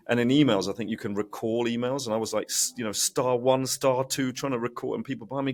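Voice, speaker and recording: A man speaking as a guest in a podcast interview, telling his story with animated delivery and acted-out quoted voices. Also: mid-range voice, quick pace. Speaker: guest, investment educator.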